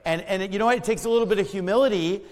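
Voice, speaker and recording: An American man delivers a sermon in a fairly high voice, emphatic one moment and chatty the next, often repeating himself. His voice rings out with the long reverb of a hall. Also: rapid-fire. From United States. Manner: emphatic and conversational, with asides and repeated words. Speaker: pastor.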